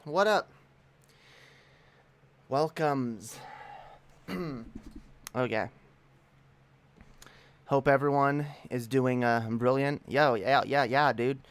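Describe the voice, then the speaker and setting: A man's voice: mid-range voice, smooth, no echo. A man hosting a casual livestream, greeting his chat in a laid-back, profane way. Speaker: livestream host.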